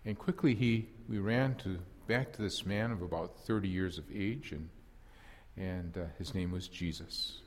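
A man playing Peter, a low-voiced repentant apostle. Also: unhurried, in a large hall. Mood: reflective. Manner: earnest reflective storytelling with wry self-deprecation. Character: impulsive apostle fisherman, earnest and self-searching. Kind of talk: first-person dramatic monologue.

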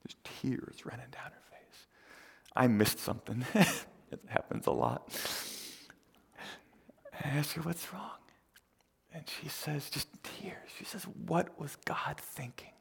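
A male pastor giving a conversational sermon who swings between loud emphasis and near whispers, often repeating words, in a church. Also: mid-range voice, animated, unhurried, creaky, pauses often, husky, big-room sound.

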